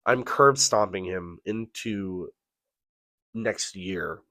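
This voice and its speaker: A man with a low voice recounts a bad date on a casual podcast, cursing freely and acting out each person's lines. The sound is dry and close to the mic. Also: drawn-out words, no room sound. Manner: profane, animated storytelling with acted-out quotes. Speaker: podcast co-host. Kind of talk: casual storytelling.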